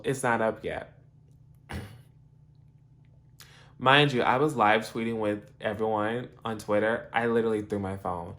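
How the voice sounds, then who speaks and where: A young man casually recapping a TV episode, animated and laughing, acting out the characters' lines. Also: medium pitch. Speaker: TV episode reviewer.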